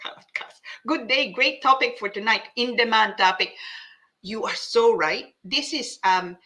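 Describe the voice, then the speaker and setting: Woman host, breezy English with asides, forceful bright tone, rambling fillers. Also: fairly high pitch, unhurried. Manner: chatty, mixes English with Tagalog, frequent fillers and restarts. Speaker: host reading viewer comments. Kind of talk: casual live-show chat.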